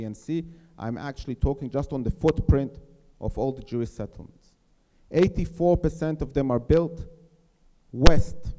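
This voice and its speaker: A middle-aged man on a panel speaking earnestly to a live audience, slowing down to press his key points. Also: fairly high pitch, mellow. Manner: earnest, persuasive, slows to stress key points. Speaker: settlement mayor on a panel. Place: lecture hall. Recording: reverberant hall.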